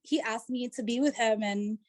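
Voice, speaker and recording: A woman's voice: on the high side, normal speed, darkish tone. A woman guest telling a personal story on a video call, chatty and full of fillers. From United States. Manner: chatty, full of "like" and "you know". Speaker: interview guest.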